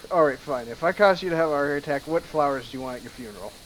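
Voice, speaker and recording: A man joining a hunting game as a guest, talking in a relaxed, rambling way with lots of fillers. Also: on the high side, fast talker, rough recording. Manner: relaxed, laughs easily, many fillers. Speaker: guest player. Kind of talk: casual gameplay chat. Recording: hissy mic with background noise.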